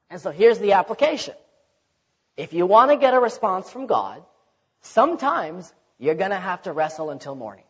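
A man with a high, husky voice and a darkish tone gives a sermon in a conversational style, repeating words often and acting out what others said. The sound is dull and comes from a reverberant hall.

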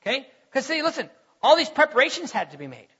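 A man's voice: very high-pitched, very animated, fast, pushed and bright. A man preaching a teaching sermon in a conversational way, stopping often to check that the listeners follow. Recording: dull lo-fi recording.

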